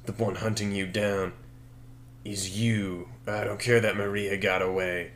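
A man's voice: fairly low pitch, little pitch movement, a little slow, fairly bright tone, slight background noise. A man voicing a smug, gleefully evil male villain who sneers and swears while boasting about abusing time travel. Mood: menacing.

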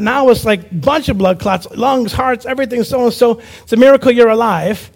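A man preaching a personal testimony sermon as an evangelist, telling his story with animation, acting out other people's lines, and dropping low and quiet for emphasis. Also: a little fast. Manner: animated storyteller who acts out quoted voices.

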